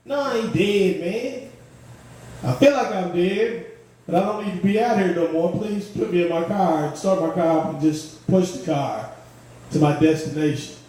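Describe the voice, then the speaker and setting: High-voiced man doing stand-up, echoey. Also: moderate pace, dark tone. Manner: laid-back storytelling with frequent "man". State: sweaty from exertion on stage. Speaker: stand-up comedian. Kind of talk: stand-up routine. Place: comedy club stage. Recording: echoey room from far off.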